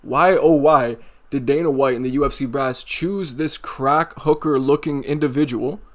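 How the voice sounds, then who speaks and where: A man rants through a casual MMA commentary at a middling pitch. He is sarcastic and mocking, and he swears freely. He sounds like a YouTube host talking straight to his viewers. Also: normal speed.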